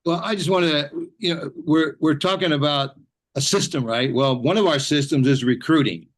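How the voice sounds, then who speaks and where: Relaxed man chiming in. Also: on the high side, normal speed. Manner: relaxed, conversational, with fillers. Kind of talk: casual chat on a group call.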